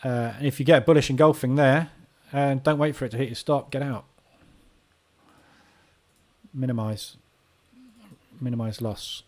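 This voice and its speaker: A man hosts a live trading session and talks casually as he reads the market. His voice is dark and mellow, at a middling pitch. He thinks aloud, correcting himself mid-sentence. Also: steady tone, measured pace, pauses often. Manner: casual, thinking aloud while watching charts. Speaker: trading room host.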